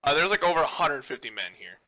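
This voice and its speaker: A man's voice: a little high, sing-song, fast talker, sharp tone, rough recording. A man running a tabletop game as game master, narrating casually and teasing the players.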